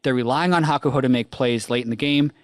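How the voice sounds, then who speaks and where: A man's voice: medium pitch, quick pace, no room sound. A man on an esports analysis panel, talking casually and animatedly, often laughing as he tells a story. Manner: animated, laughs while telling stories.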